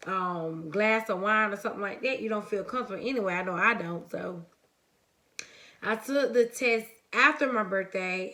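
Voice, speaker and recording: Young woman doing a story time vlog, bright forward voice, calls everyone honey and baby, super chatty. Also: fairly high pitch. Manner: lively storytelling, talks straight to viewers. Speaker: vlogger.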